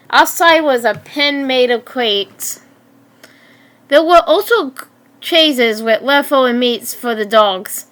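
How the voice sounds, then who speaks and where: Slow, halting young woman reading a story. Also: sits high, fairly bright tone. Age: 20s. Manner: halting, stumbles and restarts words. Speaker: story narrator. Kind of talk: amateur reading of her own story.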